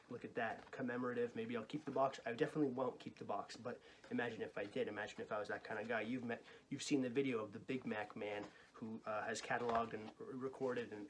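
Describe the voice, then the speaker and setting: A man's voice: medium pitch, slight background noise. Rambling man hosting a mock-grand food review. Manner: rambling, mock-grandiose and deadpan, with frequent fillers and restarts. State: breathless with excitement. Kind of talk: comedic food review vlog. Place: small empty white room.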